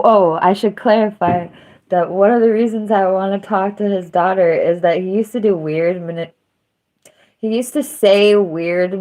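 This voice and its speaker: A woman's voice: medium pitch, a little mellow. A woman hosting a livestream, chatting casually and emotionally, rambling and trailing off. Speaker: livestream host.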